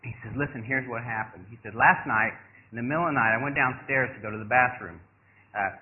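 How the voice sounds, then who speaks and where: A man's voice: mid-range voice, quick pace. An older man tells a story from the pulpit and voices each person in the dialogue, rising sharply for the surprised parts. The audio is thin and tinny, close to a phone line, with a faint hiss underneath. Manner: animated storyteller acting out dialogue. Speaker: preacher. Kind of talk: sermon storytelling.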